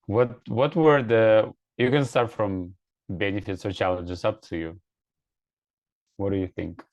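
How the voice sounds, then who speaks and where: A man's voice: lowish voice, fairly even intonation, unhurried, a little mellow, dry recording, lo-fi sound. A man hosting a group chat, posing questions plainly with some hesitations. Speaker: host, moderator.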